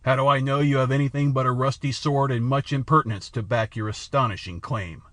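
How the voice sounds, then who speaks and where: A man's voice: medium pitch, fairly even intonation, brisk, fairly bright tone, no room sound, natural voice. A man voicing a haughty, superstitious alien king with a scornful, menacing manner in an audiobook reading. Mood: wary. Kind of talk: audiobook character voice.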